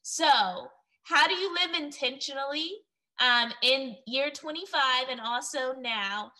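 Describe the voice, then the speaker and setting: A woman hosting a casual interview, upbeat and encouraging, with lots of quick affirmations. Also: sits high, sharp tone. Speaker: podcast host.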